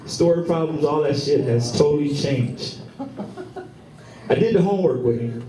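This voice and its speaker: A man in his thirties doing a profane, animated stand-up set, acting out the people in his stories. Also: on the high side, normal speed. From Michigan, US. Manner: profane, animated storytelling with acted-out quotes. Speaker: stand-up comedian. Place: comedy club stage with laughing audience. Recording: roomy club recording from far off, crowd laughter.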